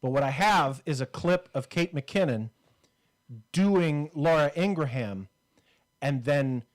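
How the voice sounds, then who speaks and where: A man's voice: a little high, slow pace. Rambling, joking man podcast host. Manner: rambling, joking, with frequent fillers. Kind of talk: casual comedy podcast banter.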